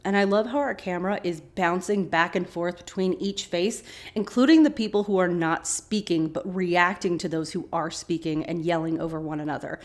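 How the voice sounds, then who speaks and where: A woman hosting a podcast, casually recapping a TV episode with animated, chatty asides. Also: lowish voice, normal speed. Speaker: podcast host.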